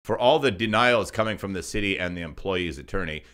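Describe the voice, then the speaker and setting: A man's voice: low voice, fairly quick, a bit bright. A man reads consumer news reports. He delivers them as a co-host and drops mocking, sarcastic remarks between the facts. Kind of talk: scripted news commentary.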